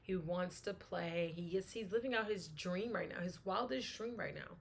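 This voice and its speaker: A woman's voice: fairly low pitch, normal speed, creaky, a little hiss or hum. A woman hosting a casual solo sports talk show, chatting and thinking aloud, often restarting her sentences.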